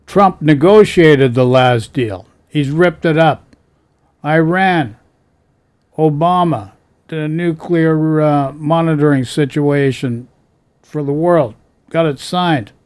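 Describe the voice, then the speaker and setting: A man's voice: on the high side, takes it slowly, darkish tone, clear, resonant tone. Blunt exasperated man. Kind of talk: casual political rant.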